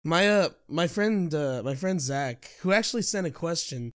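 A man's voice: fairly high pitch, lively intonation, moderate pace, fairly bright tone, clean tone. A young man, joking and laughing often while co-hosting a podcast. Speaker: podcast co-host. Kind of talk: casual chat.

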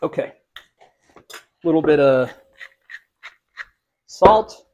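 A man's voice: a little high, animated, drawn-out words, darkish tone, highs cut off. A man hosting a casual cooking vlog in a home kitchen, who cracks self-mocking jokes while he cooks. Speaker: cooking show host.

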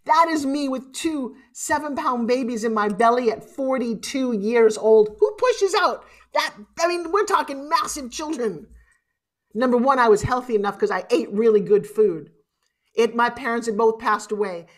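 A middle-aged woman giving a live motivational keynote, animated and emotional, swinging from loud exclamations to hushed asides. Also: fairly high pitch, moderate pace. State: tearful at times. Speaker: motivational speaker.

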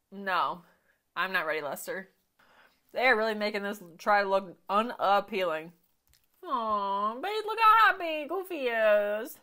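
Female reaction host, casual and talkative, expressive pitch, slips into quiet murmured asides. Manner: chatty, thinks aloud, drops to quiet murmurs. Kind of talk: casual movie reaction commentary.

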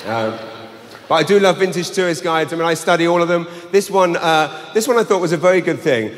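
A man's voice: on the high side, expressive, fairly quick. A man with a London English accent doing a brash, sweary stand-up set live in a large arena on a handheld mic. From England. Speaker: stand-up comedian. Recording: live arena with long reverb, faint hum.

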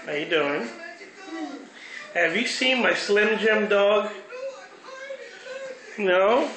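A man filming his puppy at home, playfully teasing it and narrating in a casual, excitable way. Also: sits high, drawn-out words. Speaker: dog owner filming his pet. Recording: roomy home video with background noise.

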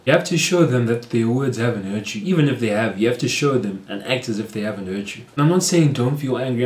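A man talks viewers through his advice in an earnest, steady, explanatory way. His voice sits at an ordinary mid pitch. The recording picks up a noticeable room echo. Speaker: vlogger giving advice. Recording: roomy echo.

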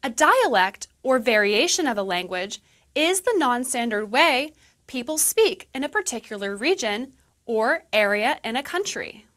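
Woman doing a chirpy english teacher in a lesson video, high voice that bounces all over, slow clear explaining. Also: very animated, fairly bright tone. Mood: cheerful. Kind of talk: scripted educational dialogue.

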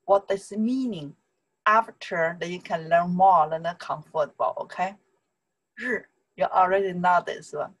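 A woman with a Chinese accent teaching an online lesson, drilling syllables slowly and checking in with "okay?" again and again. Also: fairly low pitch, low-quality recording.

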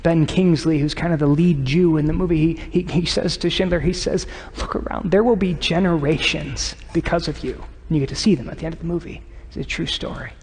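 A man preaching a sermon as pastor, earnest and conversational, at times dropping to a hushed voice. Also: on the high side, steady tone, fast. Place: church sanctuary. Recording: long church reverb.

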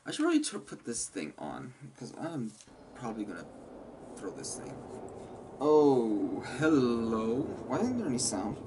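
A man's voice: mid-range voice, huge pitch swings, a little slow. A man commentating a horror game he is playing, talking back to the monsters and yelping when startled, speaking into a headset at his home setup. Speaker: gaming channel host. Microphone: gaming headset. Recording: loud background noise.

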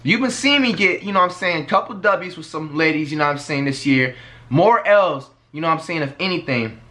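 A man's voice: fairly high pitch, animated, fairly quick, pushed and bright. A man hosting a reaction video, talking casually and reflectively with many fillers. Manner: fillers like "you know what I'm saying", reflective. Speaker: reaction channel host.

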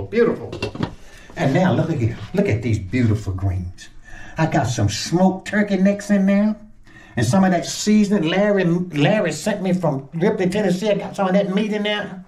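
A man's voice: high voice, moderate pace. Chatty older man in echoey room. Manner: chatty, excitable, exclaiming over the food. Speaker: home cook vlogger. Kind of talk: casual cooking chat to camera.

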